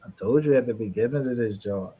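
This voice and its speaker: Livestream host, husky man, profane and mocking, dull lo-fi sound. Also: mid-range voice, quick pace. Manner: profane, mocking, shouting with bursts of laughter. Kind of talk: heated livestream argument.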